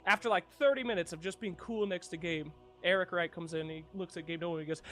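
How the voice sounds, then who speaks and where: Animated young man telling a story. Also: quick pace, hardly any pauses, faint music behind. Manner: animated, swearing, bursts into high excited quotes. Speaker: gaming video host. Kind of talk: casual storytelling.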